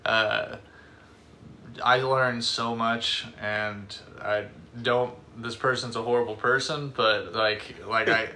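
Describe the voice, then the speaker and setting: Rambling young man with a bright voice. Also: mid-range voice, fairly even intonation, a little hiss or hum. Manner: rambling, halting storytelling with many fillers. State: tipsy from beer. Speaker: podcast co-host. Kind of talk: casual chat.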